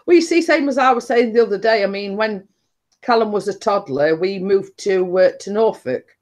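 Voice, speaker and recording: Woman host, medium pitch, relaxed conversational storyteller. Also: moderate pace. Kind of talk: casual live-stream chat.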